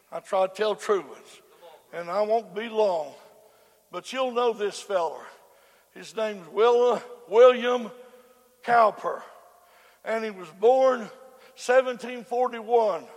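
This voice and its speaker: High, gravelly preacher shouting in a hall. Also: male voice. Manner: shouting, rhythmic preaching that swings from loud cries to low quiet storytelling. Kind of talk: sermon. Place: church. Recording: echoey hall with faint congregation.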